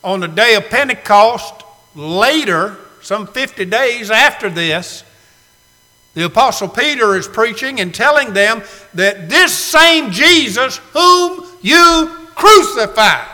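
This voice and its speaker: A man preaching a sermon, swinging from loud to hushed, with slow emphatic phrasing. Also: high-pitched, very animated. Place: church sanctuary. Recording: long hall reverb.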